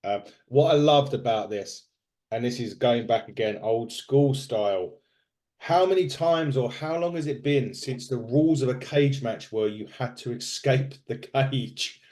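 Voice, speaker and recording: A man's voice: medium pitch, measured pace, darkish tone. Rambling man chatting casually. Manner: rambling, with many fillers and restarts. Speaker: podcast co-host. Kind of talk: casual chat recapping wrestling.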